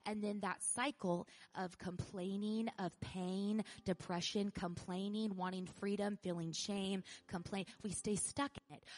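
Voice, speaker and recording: A woman pastor preaching a sermon in an animated way, laughing often, repeating phrases and building to loud emphasis. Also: mid-range voice.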